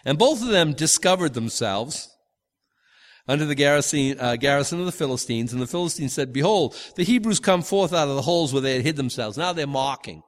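A man's voice: on the high side, lively intonation, a little fast, long reverb tail. A man teaching from the Bible in a loose, conversational way, stumbling over restarts and acting out the quotes. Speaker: preacher.

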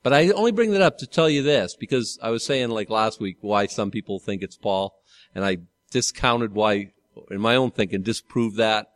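A man's voice: fairly low pitch, lively intonation, normal speed, no echo, clean studio sound. A man pastor teaching a Bible study sermon in a conversational way, often correcting himself and asking the congregation questions.

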